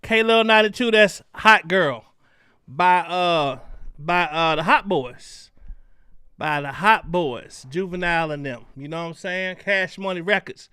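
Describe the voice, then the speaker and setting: Loud high-voiced man hosting a livestream. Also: unhurried, smooth, no room sound, clean studio sound. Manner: loud, animated, greets chat viewers. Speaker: livestream host. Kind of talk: casual livestream chat.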